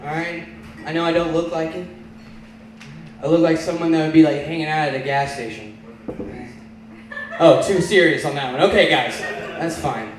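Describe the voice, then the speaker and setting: A man's voice: on the high side, normal speed, pauses often. A man from Oklahoma doing stand-up comedy in a small bar, bantering loosely with the crowd. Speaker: stand-up comic. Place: small bar lounge stage. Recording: echoey bar room, audience noise.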